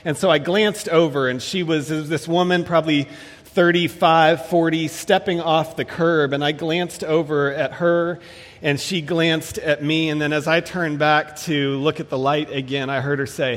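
A man preaching a sermon in a measured, emphatic way, slowing down to stress key phrases. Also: on the high side, steady tone, long reverb tail.

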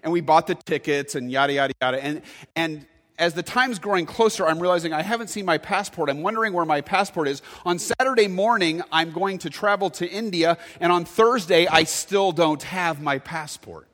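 Pastor preaching in a reverberant hall. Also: male voice, sits high, brisk. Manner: storytelling, animated with sudden loud bursts. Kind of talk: sermon.

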